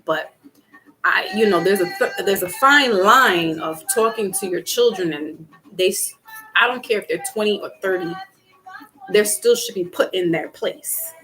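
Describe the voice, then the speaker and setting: A woman's voice: mid-range voice, animated, unhurried, sharp tone, poor audio. A middle-aged woman hosting a casual livestream chat, laughing often and acting out quotes in her stories. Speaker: livestream host. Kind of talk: casual chat with live viewers.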